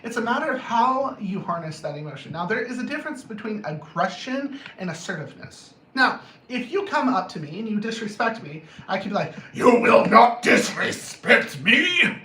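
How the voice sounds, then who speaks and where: A man's voice: sits high, very animated, a little fast, pushed and bright. Blunt, profane man in an echoey room. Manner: blunt, profane, jokey, self-mocking. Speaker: anger management coach. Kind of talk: casual monologue on camera. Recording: roomy echo, faint background noise.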